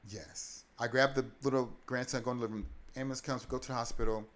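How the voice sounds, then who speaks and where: A man telling his life story as an interview guest, animated and candid, acting out the people in it and restarting in quick bursts. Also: medium pitch. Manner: animated, acts out the people in his story with big swings in loudness; talks in quick bursts with many short restarts.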